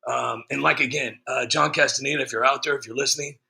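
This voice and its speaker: Brief: male streamer host, casual sarcastic rant, gravelly and very forceful voice. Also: mid-range voice, steady tone, quick pace. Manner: sarcastic, joking, frequent fillers. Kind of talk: casual ranting monologue.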